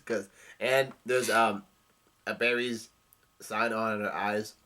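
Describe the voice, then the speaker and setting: A man casually recapping a comic chapter, halting and full of fillers as he goes. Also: fairly low pitch, little pitch movement, sharp tone. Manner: halting, with many fillers and restarts. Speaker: manga reader and recapper.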